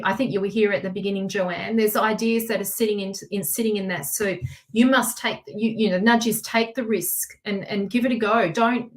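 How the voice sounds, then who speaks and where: A woman hosting a live tarot reading stream, talking to viewers by name in an excitable, chatty way and laughing often. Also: medium pitch.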